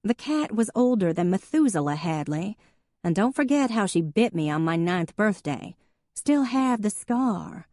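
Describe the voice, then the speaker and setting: A woman's voice: mid-range voice, big pitch swings, unhurried, darkish tone, no echo, clean studio sound, pitched above the performer's own voice. A woman voicing a wisecracking younger sister who puts on a drawling good old boy accent. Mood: dry sarcasm.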